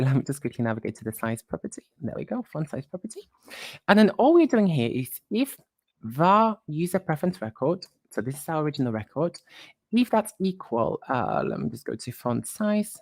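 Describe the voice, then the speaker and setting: A woman presenting a live software tutorial, talking while she clicks through screens and quickly corrects her own slips. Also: deep voice, big pitch swings, no echo, clean studio sound.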